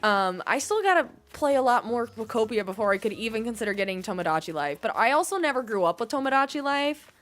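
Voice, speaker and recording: A woman's voice: on the high side, lively intonation, fast, few pauses. Bubbly giggly woman streamer. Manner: bubbly, giggly, reads out chat and muses on word pronunciations. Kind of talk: casual livestream chat with viewers.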